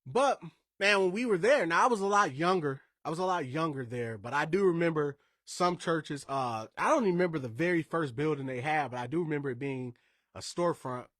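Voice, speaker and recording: Male podcast host from Indiana, casual and emphatic, slightly high voice, dry studio sound. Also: lively intonation, fairly quick, a bit bright, dry recording. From Indiana, USA. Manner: emphatic, conversational, wandering asides.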